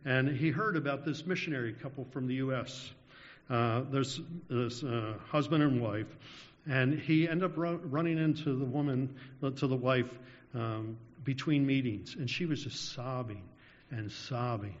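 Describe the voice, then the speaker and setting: A man preaching a sermon, telling anecdotes with small chuckles and then slowing into a prayer. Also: medium pitch. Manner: anecdotal, chuckles through stories, slows down in prayer. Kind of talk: sermon storytelling ending in prayer. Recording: dull lo-fi sound with long hall reverb.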